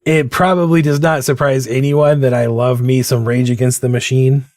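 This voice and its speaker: Here a man speaks at normal speed with a medium-pitched, level, somewhat mellow voice, making casual conversation while drawing for his stream. His talk is rambling and self-deprecating, full of tangents, and the studio-quality audio has no room sound.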